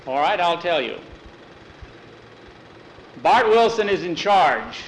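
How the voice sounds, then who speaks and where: A man storyteller voicing a calm, persuasive wagon-train leader who reasons with a crowd. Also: high voice, takes it slowly, a little hiss or hum, heavily acted, rough recording. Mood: decisive.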